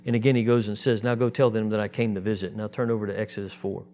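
A man preaching a sermon, animated and acting out the voices of the people in his story. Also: lowish voice, fast talker, slight background noise. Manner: animated, acts out voices in quotes.

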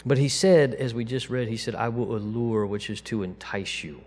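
A man's voice: medium pitch, normal speed. Conversational man preaching a sermon. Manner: conversational preaching with quiet, soft-voiced quotes of God. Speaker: pastor.

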